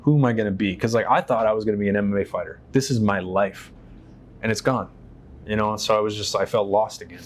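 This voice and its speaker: A man with a fairly low voice tells personal stories as an interview guest, candid and casual. He swears freely and jumps into the voices of the people he quotes. He was recorded on a stage inside a shop. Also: fast.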